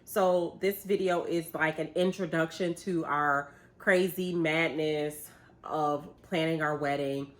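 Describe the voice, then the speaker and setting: A young woman tells a story in a relaxed, chatty way. She jumps between her own voice and the voices she quotes, with plenty of laughter. Her voice sits on the low side for a woman. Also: slow pace. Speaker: vlogger, bride-to-be. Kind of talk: casual storytelling chat.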